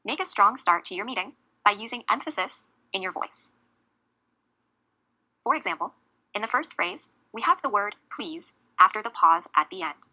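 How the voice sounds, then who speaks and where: Bright, clear woman teaching a lesson. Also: mid-range voice, low-quality recording. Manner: clear, measured delivery with deliberate emphasis on key words. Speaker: English teacher. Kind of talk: scripted lesson narration.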